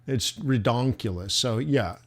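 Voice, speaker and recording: A man's voice: medium pitch, a little slow. A man hosting a trading livestream, rambling casually and joking at his own expense as he chats with viewers. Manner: rambling, self-mocking, chatty with viewers. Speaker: forex livestream host.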